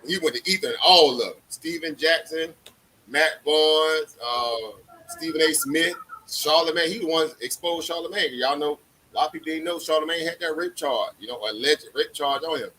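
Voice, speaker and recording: A man's voice: fairly high pitch, moderate pace, pushed and bright, poor audio. A man hosting a livestream in casual chat, laid-back and slangy, laughing often. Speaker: livestream host.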